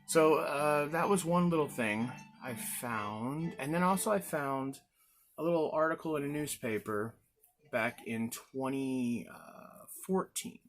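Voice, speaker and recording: A man hosting his own gin review show, talking casually and jokingly, prone to excited outbursts. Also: a little high, unhurried, faint music behind. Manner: chatty, jokey, excitable, with playful outbursts. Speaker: chef. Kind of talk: casual spoken product review.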